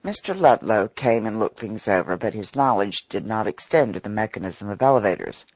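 A man narrating an audiobook story in an expressive, dramatic manner. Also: lowish voice, fairly quick, few pauses, breathy edge, dry recording.

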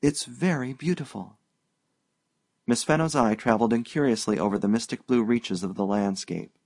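A man narrating an audiobook in a steady, even-paced reading. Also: on the low side, a little fast, dry recording.

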